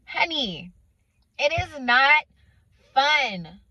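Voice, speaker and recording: A woman's voice: sits high, big pitch swings, very slow, bright, forceful tone, dry recording, poor audio. A woman giving informal preaching to her listeners, stressing points by repeating phrases and calling them honey and sweetheart. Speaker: Christian faith speaker.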